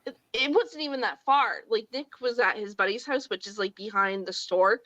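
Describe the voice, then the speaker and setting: A woman's voice: mid-range voice, moderate pace, fairly bright tone, no echo, dull audio. A woman in her forties co-hosting a podcast, blunt and swearing freely as she acts out family arguments. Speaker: podcast co-host. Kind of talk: casual chat.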